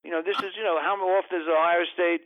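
Older man, comedian, rambling story, self-interrupting, exasperated asides, slightly high voice, tinny phone line. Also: steady tone, fast talker, dry recording. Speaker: comedian, guest.

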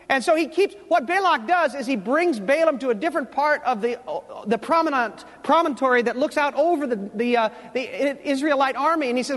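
In a large hall, a pastor with a very high-pitched, fairly bright voice preaches expressively and a little fast. As a storyteller, he voices the words of biblical figures and occasionally questions the congregation.

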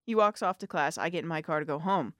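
Lively young woman radio co-host. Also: low-pitched, quick pace, dry recording, studio quality. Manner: animated storyteller, acts out quoted lines. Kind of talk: casual radio chat. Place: college radio studio. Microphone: studio microphone.

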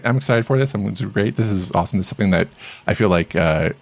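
A middle-aged man with a very low, gravelly voice talks through tech news in a loose, rambling way. He stumbles over restarts and fillers and laughs easily. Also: animated, very fast. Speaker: podcast co-host. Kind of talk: casual tech news chat.

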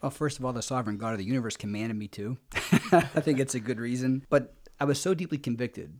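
A man's voice: medium pitch, fast, a little mellow. A man in his forties, a podcast guest, speaking firmly and earnestly about his faith and his family. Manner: firm, earnest. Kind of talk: conversation.

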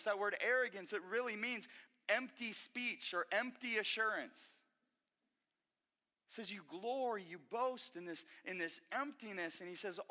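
A male pastor preaching a sermon in an animated, emphatic way, often restarting his phrases. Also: high-pitched, measured pace. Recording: echoey hall reverb.

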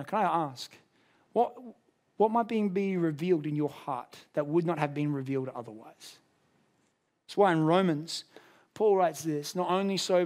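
A man preaching a sermon, building with passion toward emphatic peaks and dropping low for quiet moments. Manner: impassioned, rising to a near shout at climaxes. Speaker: pastor.

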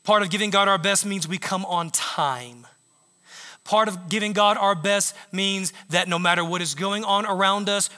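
A man pastor preaching a sermon in a church, telling stories with animated retellings of what others said. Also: high voice. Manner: animated storytelling, acting out quotes. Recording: long reverb of a large hall.

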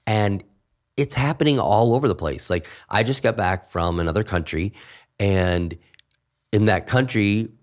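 Deep-voiced pastor, emphatic and animated. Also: male voice, a little slow. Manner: emphatic, animated when quoting others. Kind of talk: podcast conversation.

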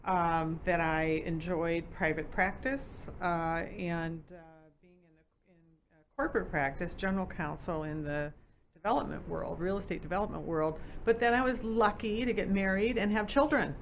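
A woman's voice: on the low side, normal speed, a little hiss or hum. A woman with a Minnesota accent speaking as a studio guest, chatty and earnest. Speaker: guest, attorney. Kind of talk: studio interview.

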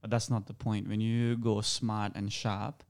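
Gravelly-voiced Australian man, eager and rambling. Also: on the low side, level tone, darkish tone. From Australia and Sri Lanka. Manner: eager, rambling, quick bursts with restarts. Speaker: guest actor. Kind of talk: casual podcast conversation.

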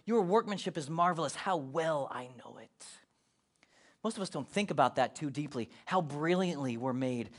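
A man with a fairly high voice preaches in a relaxed, conversational way. He mixes jokes and teasing with emphatic encouragement. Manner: playful, joking, emphatic. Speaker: pastor. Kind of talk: casual sermon.

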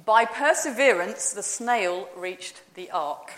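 A woman's voice: mid-range voice, animated, slow, a bit bright, a little hiss or hum. A woman leading an informal all-age talk in a church service, chatty and playful as she quizzes the congregation. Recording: roomy church echo.

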